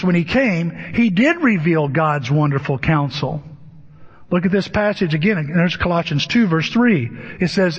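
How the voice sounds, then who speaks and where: Male pastor, sermon, husky high voice, long church reverb, muffled lo-fi sound. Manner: emphatic preaching with rhetorical questions. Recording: dull lo-fi with long hall reverb.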